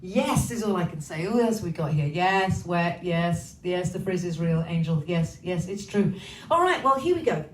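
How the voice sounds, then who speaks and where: A woman's voice: lowish voice, expressive, normal speed. A woman chatting casually with livestream viewers, cheeky and swearing freely as she hosts from her home. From Wales. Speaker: singer hosting a livestream. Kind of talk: casual chat greeting viewers. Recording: roomy echo, slightly distant mic, faint hiss.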